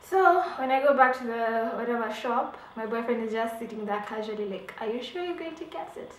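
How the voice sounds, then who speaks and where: Lively woman telling a story. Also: a little high, brisk. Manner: animated, dramatic retelling with laughs and acted-out quotes. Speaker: beauty vlogger. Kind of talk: storytelling vlog. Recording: echoey room, faint background hum.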